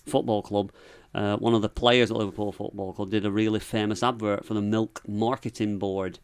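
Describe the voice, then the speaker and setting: A man's voice: on the low side, level tone, brisk, smooth. A middle-aged man from England with a Lancashire accent, chatting casually as a podcast guest and telling rambling stories in northern dialect. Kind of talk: casual chat.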